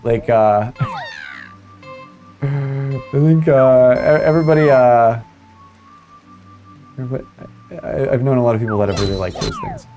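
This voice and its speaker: A man's voice: medium pitch, wildly swooping pitch, normal speed, pauses often, dark tone, faint music behind. A man streaming a golf game live, chatting casually in a rambling, joking way with plenty of swearing.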